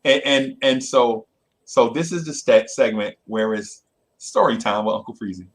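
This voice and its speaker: A man hosting casual sports talk, telling a story in an animated way and checking in with "right?" again and again. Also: mid-range voice, moderate pace. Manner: animated, keeps repeating "right?".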